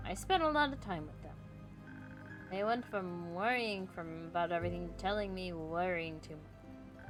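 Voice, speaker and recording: A woman streamer role-playing a tavern keeper, speaking calmly and evenly. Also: mid-range voice. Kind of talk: live role-play storytelling.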